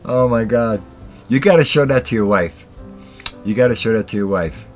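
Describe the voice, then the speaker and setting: A man's voice: fairly low pitch, normal speed, faint music behind. Giggly man hosting a casual livestream. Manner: giggling constantly, breaking into laughter mid-sentence. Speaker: livestream host.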